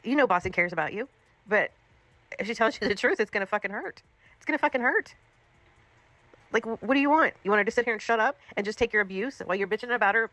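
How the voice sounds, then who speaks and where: Fast-talking exasperated ranting woman. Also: mid-range voice, a bit bright, no room sound. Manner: profane, exasperated, repetitive. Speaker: commentary livestream host. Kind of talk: ranting commentary.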